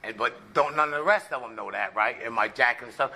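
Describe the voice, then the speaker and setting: A man sharing his recovery story at a meeting, telling it as a lively tale and checking in with "right?" as he goes. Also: mid-range voice, fast, creaky. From United States. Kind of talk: personal testimony with jokes.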